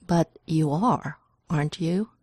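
A woman voicing a steady, sensible man with a relaxed, almost fatherly way of talking, in a story reading. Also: sits low, slow pace, husky, no room sound, clean studio sound, full character voice. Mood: firm.

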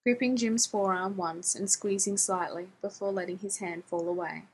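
A woman's voice: mid-range voice, fairly even intonation, normal speed, slight background noise. A woman narrating a story in a wry, conversational way, with casual profanity. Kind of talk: audiobook narration of fiction.

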